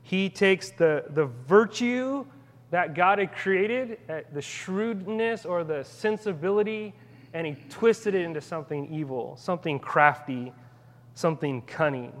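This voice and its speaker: Pastor, male, high-pitched, conversational and rambling delivery; sermon recorded in an echoing church hall. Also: unhurried. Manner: conversational, rambling asides with frequent restarts.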